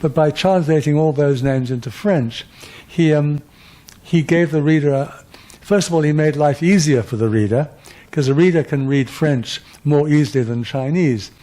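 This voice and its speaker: Older man lecturing, mellow. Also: on the high side, moderate pace. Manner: chatty, digressive, many you-knows. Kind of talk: public lecture.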